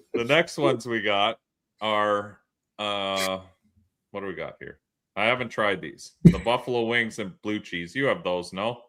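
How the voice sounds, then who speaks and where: A man's voice: on the low side, slow pace, long pauses, bright, forceful tone. A man co-hosting a podcast in casual, joking banter, swearing and laughing often. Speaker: podcast co-host.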